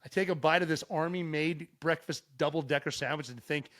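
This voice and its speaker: A man's voice: fairly high pitch, a little fast. A middle-aged man from Montana, a podcast guest telling stories in casual chat with plenty of swearing. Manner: profane, animated storyteller. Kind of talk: casual storytelling.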